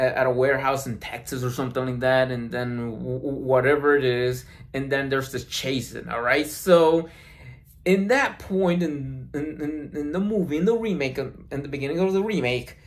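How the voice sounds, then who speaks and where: A man in an unscripted solo video commentary, rambling with many restarts and fillers, recorded on a phone mic. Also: on the high side. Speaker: video blogger.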